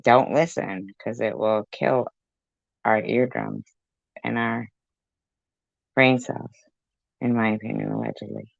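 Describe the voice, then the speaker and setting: A woman's voice: rumbling low, fairly even intonation, slow pace, creaky, pauses often, dry recording. A woman hosting a commentary channel, mocking and sarcastic as she reacts to clips, swearing freely. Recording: dull lo-fi dry sound.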